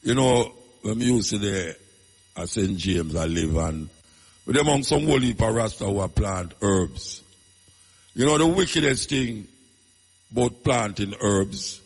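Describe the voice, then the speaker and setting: On a radio talk show, a Jamaican man with a medium-pitched, gravelly, husky voice rambles through stories in patois. He throws in emphatic asides, and a long reverb trails after his words.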